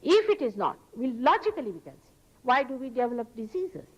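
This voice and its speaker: A woman giving a public spiritual talk, earnest and emphatic, often rising sharply in pitch. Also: very animated, a little fast, lo-fi sound. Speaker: spiritual teacher. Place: public hall.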